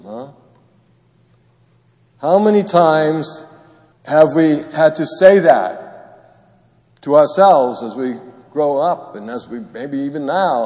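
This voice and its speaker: Priest, homily, slow and deliberate, long church reverb. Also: male voice, a little high, animated, darkish tone. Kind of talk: gospel reading and homily.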